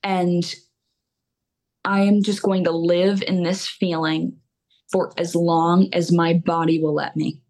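A woman's voice: lowish voice, level tone, slow, a little mellow. A young woman singer-songwriter talking openly and at length as a podcast guest. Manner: open, candid, rambling with fillers. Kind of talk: casual podcast interview.

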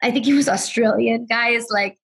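A woman guest on a podcast interview talks a little fast in a higher, gravelly voice that's a bit bright with a breathy edge. Her casual, rambling story is thick with "like" fillers, and she sometimes performs others' lines in their quoted voices.

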